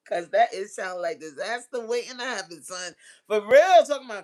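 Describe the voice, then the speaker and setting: A woman's voice: a little high, very animated, slow, long pauses, bright, forceful tone. A woman hosting a casual livestream chat, answering messages bluntly and profanely, laughing often and acting out the voices in her stories. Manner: acts out quoted voices while telling stories.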